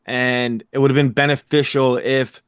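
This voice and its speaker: A man's voice: mid-range voice, clear, resonant tone, no room sound, studio quality. Upbeat man hosting a TV recap. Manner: energetic, jokey, fast asides. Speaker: podcast host. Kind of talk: casual TV recap chat.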